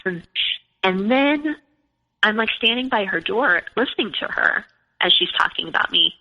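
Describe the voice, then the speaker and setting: A woman in her forties, appearing as a podcast guest, tells personal stories in conversation, chatty and constantly filling her speech with "like" and "you know." Her mid-range voice is animated at a moderate pace, and the audio is lo-fi with long reverb.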